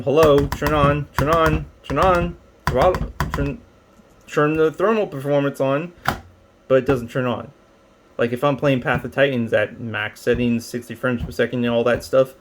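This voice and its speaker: A man talks through a gadget review in a loose, rambling way, full of ums and restarts. His voice sits at an ordinary middle pitch. A faint hiss of noise stays under the recording. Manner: rambling, filler-heavy explaining. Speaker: tech reviewer. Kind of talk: casual product review.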